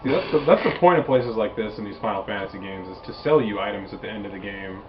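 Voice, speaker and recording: A man's voice: fairly low pitch, quick pace, faint music behind. A man guesting on a casual gaming podcast, explaining things in a dry way. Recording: lo-fi home recording with noise.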